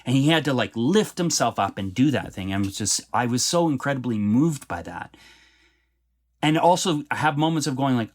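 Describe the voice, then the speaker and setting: Canadian playwright guy on a podcast, mid-pitch voice, earnest and heartfelt, gets lively talking about laughs and tears. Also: brisk. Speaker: playwright being interviewed. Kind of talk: podcast interview conversation.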